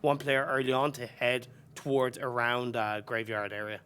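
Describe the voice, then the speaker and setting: A man's voice: medium pitch, steady tone, moderate pace, pushed and bright, clean tone. Chatty analytical esports caster man. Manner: analytical, chatty, filler-heavy. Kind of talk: colour commentary.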